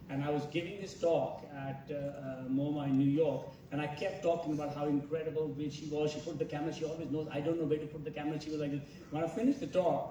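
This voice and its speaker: A director telling animated stories at a festival masterclass, quoting other people as he goes. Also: a little high, background noise. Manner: animated storytelling, quotes others. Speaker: film director. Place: large festival hall. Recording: echoey hall, picked up from far off.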